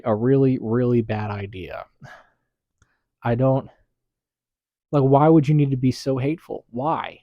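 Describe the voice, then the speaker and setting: A man's voice: mid-range voice, warm tone, no room sound, dull audio. A man hosting a casual commentary video, rambling with lots of fillers and restarts. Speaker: YouTube commentator.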